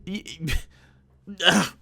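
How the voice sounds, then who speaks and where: A man's voice: very slow, bright, forceful tone, a little hiss or hum. A man streaming and reacting to a video, ranting in a profane, exasperated way and laughing in the middle of sentences.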